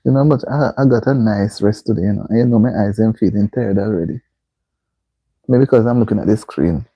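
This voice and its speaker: Guy running a live stream, raspy gravelly voice, dry dull lo-fi sound, reads out chat comments. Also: fairly low pitch, fairly quick, no echo. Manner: reads viewer comments aloud and keeps urging likes.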